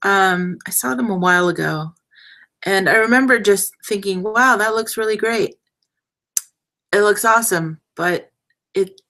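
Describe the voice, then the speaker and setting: Slow-talking creaky woman crafting live. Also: medium pitch, pushed and bright, low-quality recording. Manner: chatty, self-deprecating, trailing off while working. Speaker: craft livestream host. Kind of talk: casual crafting demo.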